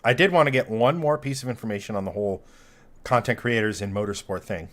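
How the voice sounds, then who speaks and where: A man's voice: on the low side, fast talker, a bit bright. A man hosting a casual show, teasing his co-host and reading out viewer comments. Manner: teasing, reads viewer chat aloud. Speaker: podcast host. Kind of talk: casual chat.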